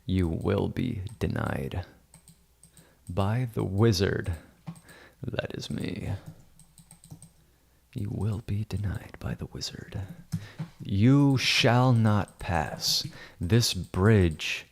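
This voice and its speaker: A grandiose wizard who hands down slow, menacing decrees, as a man puts him on. The voice sits low and gravelly and drags out each word, pompous and all-powerful. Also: animated, slight background noise, exaggerated voice. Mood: commanding. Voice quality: slow booming proclamations.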